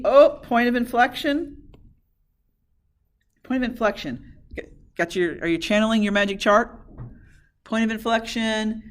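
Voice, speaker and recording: A woman math teacher lecturing a class in a classroom, asking questions and answering them herself. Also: mid-range voice.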